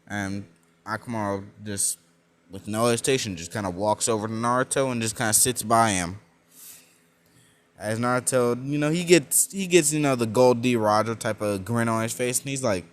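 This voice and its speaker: A man's voice: mid-range voice, moderate pace. A young man casually narrating a fan-made story, rambling with many fillers and self-corrections.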